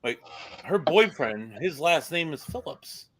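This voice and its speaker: A man's voice: fairly high pitch, sing-song, unhurried, fairly bright tone. A man who investigates the paranormal, earnestly telling a case story on a talk show. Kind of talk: casual chat.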